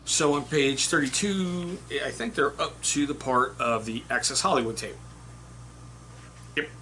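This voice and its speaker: A man talks through a book in a blunt, casual way, swearing now and then. His voice is bright and forward. Faint background noise sits under the recording. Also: medium pitch, measured pace. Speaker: book reviewer. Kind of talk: casual spoken book review.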